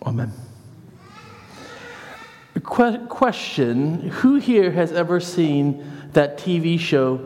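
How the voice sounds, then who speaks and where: A man gives a chatty, animated sermon in a church. His voice sits a little high and rings out with a long hall reverb. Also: slow pace. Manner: lively, conversational, acts out quoted voices. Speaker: preacher.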